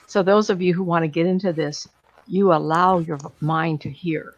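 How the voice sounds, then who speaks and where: Gravelly woman medium telling stories. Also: low voice, fairly even intonation, normal speed, muffled recording. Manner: chatty, laughing, acts out quoted voices. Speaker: psychic medium guest. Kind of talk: rambling anecdotal storytelling.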